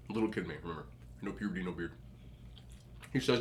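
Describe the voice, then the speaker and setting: A man's voice: low-pitched, expressive, fast talker, long pauses, fairly bright tone, a little hiss or hum. A young adult man telling chatty stories as a mukbang vlogger, eating and talking with his mouth full. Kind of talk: casual storytelling while eating.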